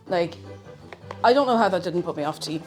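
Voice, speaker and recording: A woman's voice: lowish voice, expressive, fairly quick, loud music behind the voice. A woman streamer chatting casually while cooking, playful and talkative, her voice a little crackly after being sick. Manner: chatty and playful, bursts into silly singing. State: slightly crackly voice after illness.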